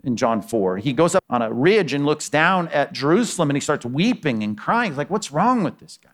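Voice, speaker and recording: A male pastor delivering a sermon with a lively, swinging pitch that sits a little above the usual for a man. He talks to his listeners casually, firing off rhetorical questions and dropping his voice low to press a point. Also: a little fast. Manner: conversational preaching with rhetorical questions and sudden drops in voice.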